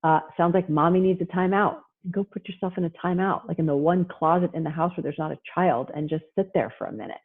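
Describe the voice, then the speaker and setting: A middle-aged woman therapist giving a lively online parenting talk, acting out parents and children as she goes. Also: on the low side, fast talker, hardly any pauses. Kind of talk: animated online presentation. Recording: husky voice over a tinny phone-like line.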